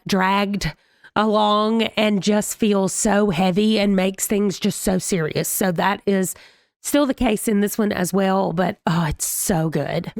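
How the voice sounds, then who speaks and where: A woman talks about books in a chatty, gushing way, her voice strained from being sick. She speaks at a middling pitch, and the sound is dry and close, with no room echo. It has the feel of a casual home book vlog. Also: darkish tone. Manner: chatty, gushing, Southern "y'all". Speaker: booktuber host. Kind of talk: casual reading vlog chat. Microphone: desk microphone.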